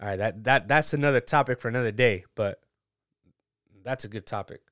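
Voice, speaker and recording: A preacher gives a casual, chatty sermon, reading scripture and laughing at his own asides in a relaxed way. His mid-range voice moves fairly quickly, captured with clean studio sound and no echo.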